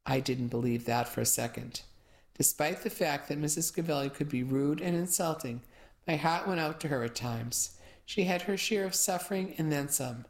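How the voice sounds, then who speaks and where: A woman's voice: low voice, moderate pace. A woman giving first-person audiobook narration with wry, dry asides.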